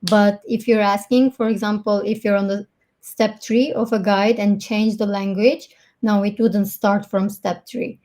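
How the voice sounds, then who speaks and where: Mellow-voiced woman presenting a webinar demo. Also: medium pitch, flat delivery. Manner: hesitant, pauses with ums. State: out of breath. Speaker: customer support presenter.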